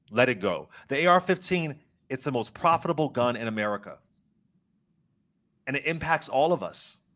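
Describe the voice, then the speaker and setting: A man sits in as host of a political commentary show, his voice pitched right in the middle. He talks with heated, emphatic conviction and often repeats a word to drive his point home. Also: fairly bright tone. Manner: impassioned, emphatic, repeats words for stress. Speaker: guest host.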